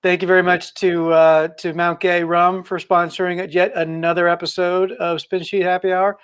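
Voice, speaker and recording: A man hosting a casual sailing chat show, relaxed and joking with plenty of fillers. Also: sits high, moderate pace, clear, resonant tone. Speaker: podcast host.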